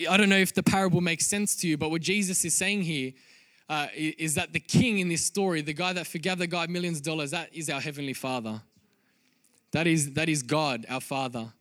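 Pastor, male, higher voice, earnest sermon delivery that swells to loud emphatic peaks. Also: dry recording.

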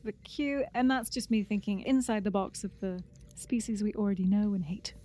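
A woman's voice: medium pitch, moderate pace, mellow. A woman chatting casually about a TV episode, dry and teasing. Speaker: podcast co-host. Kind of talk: casual chat.

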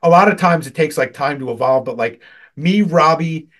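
Man, somewhat high voice, casual podcast chat, rambling work stories, profane. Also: moderate pace, a bit bright. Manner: rambling, profane, laughs often. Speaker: podcast co-host.

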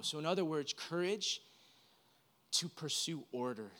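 A man preaching an earnest, emotional sermon to a room, often repeating himself and swinging between loud and quiet. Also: fairly high pitch, lively intonation, unhurried, long pauses. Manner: earnest, emotional, varies loudness widely, repeats words. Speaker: pastor. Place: room with an audience.

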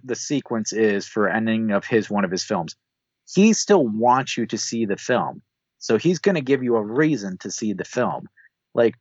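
A man's voice: on the low side, no room sound, highs cut off. A man co-hosting a film podcast, chatting casually and loosely with a lot of filler words. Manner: loose and conversational, frequent "like" fillers. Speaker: podcast co-host.

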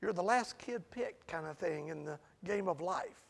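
Guy preaching a sermon, kinda high voice, gravelly and husky, chatty with the crowd then gets loud. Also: lively intonation, normal speed. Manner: conversational, asks the congregation questions, builds to loud emphatic peaks.

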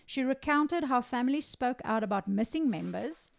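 A woman's voice: high voice, expressive, moderate pace, gravelly. A woman co-hosting a casual true-crime podcast, reading out case details and adding blunt asides. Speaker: podcast co-host.

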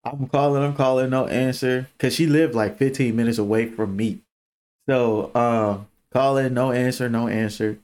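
A young man co-hosting a podcast, telling a story in casual chat, animated and profane, laughing often and acting out the voices of the people in it. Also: medium pitch, normal speed. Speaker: podcast co-host.

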